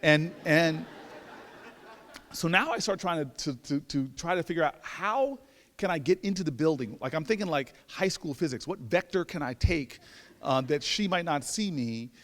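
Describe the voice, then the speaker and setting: Male lecturer, lively self-mocking storyteller, raised pitch swinging widely, reverberant hall. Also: moderate pace. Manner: animated, self-mocking, with stammered repeats. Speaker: guest lecturer. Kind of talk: storytelling speech.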